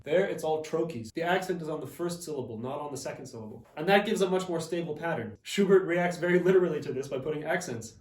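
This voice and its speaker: A man's voice: a little high, lively intonation, fast talker, few pauses, darkish tone, echoey room, distant mic, poor audio. A man who plays piano, explaining a song in a casual, enthusiastic way. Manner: enthusiastic, casual asides, reads German lines aloud. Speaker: Lied pianist. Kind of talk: explaining music analysis.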